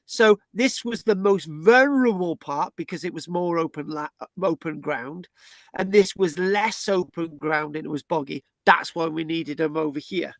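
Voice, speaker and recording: A man's voice: high voice, moderate pace, bright, forceful tone, dry recording. Rambling British man explaining a site plan. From Britain. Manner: rambling, with restarts and tag questions. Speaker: archaeology presenter.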